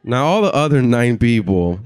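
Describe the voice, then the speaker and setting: A man's voice: medium pitch, moderate pace, smooth, some chatter behind. A young man doing stand-up comedy, telling a long story and acting out the voices of the people in it. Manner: animated, acts out voices and reactions.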